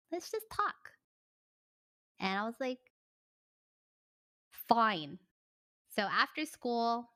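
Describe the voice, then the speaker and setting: A young woman streamer casually telling a story to her chat, animated and laughing, acting out the voices of the people in it. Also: medium pitch.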